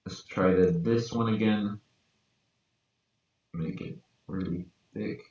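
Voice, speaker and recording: A man with a very low voice talks slowly and half to himself while he draws. The sound is echoey and dull, and he is set back from the mic. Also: darkish tone, recorded from a distance. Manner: mutters to himself while working, low-key. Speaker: podcast co-host. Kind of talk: casual chat while drawing.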